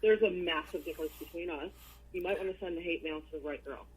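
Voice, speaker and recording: A woman's voice: on the low side, quick pace, slight background noise, rough recording. A woman guest in a casual interview chat, speaking bluntly and with profanity over a video call. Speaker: wrestling guest.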